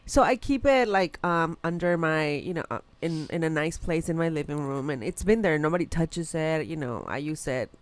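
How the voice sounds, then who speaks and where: A woman hosting a podcast in a studio, telling a story in casual chat and pausing to search for words. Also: low-pitched, animated, no room sound.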